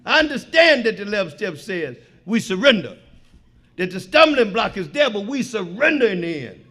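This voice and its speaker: A middle-aged man giving a profane, animated personal share at a recovery meeting, swinging between loud punchlines and quiet reflection. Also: high-pitched, moderate pace. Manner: profane, street slang. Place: meeting hall before an audience.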